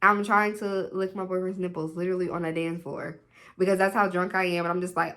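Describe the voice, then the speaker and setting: A young woman telling a dramatic storytime on her vlog, animated and leaning on "literally" and "like". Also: fairly low pitch, quick pace. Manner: animated, dramatic retelling with put-on quoted voices; repeats "literally" and "like" constantly. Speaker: vlogger.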